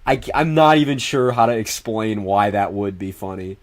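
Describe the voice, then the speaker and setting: Young dude streaming, rambly and sweary, super animated talking to chat. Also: male voice, lowish voice, normal speed. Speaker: livestreamer. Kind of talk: casual livestream chat.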